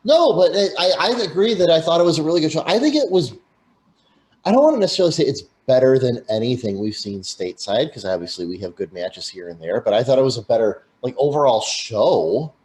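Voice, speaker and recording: A man's voice: medium pitch, big pitch swings, quick pace, a little mellow, rough recording. A man talking on a radio panel, eager and stumbling over restarts as he chats casually. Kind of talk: casual call-in panel chat.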